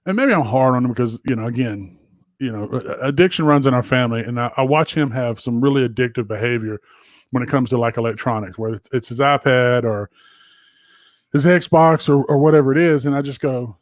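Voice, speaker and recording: A middle-aged man co-hosting a podcast from his home office, telling crude stories in an animated, swearing way. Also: mid-range voice, brisk, no echo. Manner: profane, animated storyteller. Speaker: podcast co-host. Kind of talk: casual chat.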